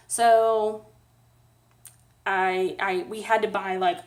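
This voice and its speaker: A woman's voice: medium pitch, flat delivery, extremely slow, long pauses. Sad woman rambling in a vlog. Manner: rambling, emotional storytelling with nervous laughs. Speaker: vlogger. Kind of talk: casual personal vlog.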